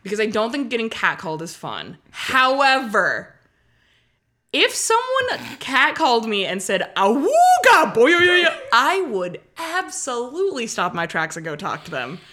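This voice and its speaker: A woman telling a funny story on a casual comedy podcast, her voice swinging widely in pitch. The tone is bright and forward, and she slips into loud, silly voices for quoted lines. It is relaxed, playful chat with a co-host. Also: moderate pace, hardly any pauses. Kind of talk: comedic casual chat, reading listener posts.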